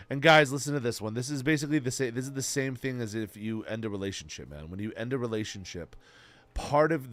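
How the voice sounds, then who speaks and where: A man streaming to his chat, giving heartfelt advice in an earnest, emotional way, swearing freely and repeating himself. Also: medium pitch. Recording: faint music in the background.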